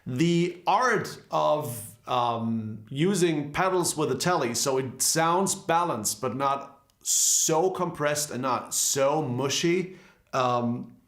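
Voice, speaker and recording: A man's voice: on the high side, lively intonation, takes it slowly, a bit bright. A man in a casual guitar lesson, explaining pedal tones in a loose, conversational way with frequent fillers. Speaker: guitar teacher. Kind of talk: casual gear demonstration. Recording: echoey room with faint guitar music.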